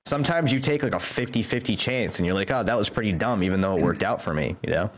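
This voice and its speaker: A man's voice: deep voice, animated, fast. A man co-hosting a casual gaming chat, earnestly explaining game tactics.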